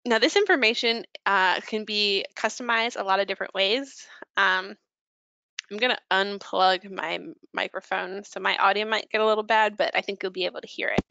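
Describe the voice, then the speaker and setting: A woman giving a casual software training walkthrough, filling her pauses with ums while she clicks through settings. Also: medium pitch, vocal fry, dull audio. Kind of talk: screen-share product walkthrough.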